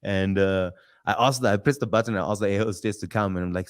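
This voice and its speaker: A man's voice: lowish voice, quick pace. Emphatic man hosting a comedy podcast. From South Africa. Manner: emphatic, teasing, repeats phrases for punch. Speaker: podcast host. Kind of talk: live comedy podcast chat.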